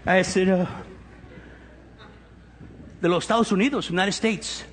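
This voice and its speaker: A middle-aged pastor with an East Los Angeles accent preaches in a high voice at an unhurried pace, counting through a numbered list with emphasis and humor. Background noise is present, and the echoey hall adds a long reverb.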